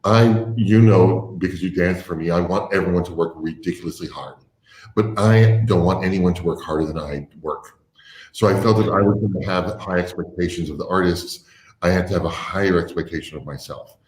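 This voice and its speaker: A man's voice: sits low, darkish tone. A man, a ballet company's artistic director, talking reflectively and unhurriedly as a podcast guest. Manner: reflective, unhurried, with fillers and restarts. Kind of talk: casual interview chat. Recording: roomy echo.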